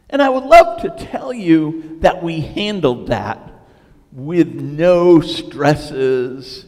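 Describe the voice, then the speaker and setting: Animated storytelling pastor in a big hall. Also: male voice, mid-range voice. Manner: storytelling, animated and self-deprecating. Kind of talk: sermon.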